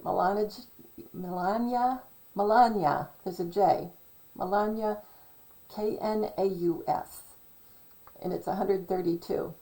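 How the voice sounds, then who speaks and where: Slow, gravelly-voiced woman rambling to camera. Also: medium pitch, mellow, poor audio. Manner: hesitant, full of ums and self-corrections. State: losing her voice, clearing throat. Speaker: channel host. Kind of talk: rambling casual monologue.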